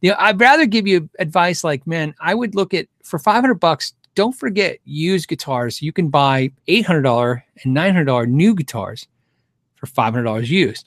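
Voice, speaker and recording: A middle-aged man hosts a guitar show livestream, answering viewer questions in a casual, rambling way, thinking aloud with frequent restarts and chuckles. His voice is fairly high and a bit bright, captured in a dry, studio-quality recording.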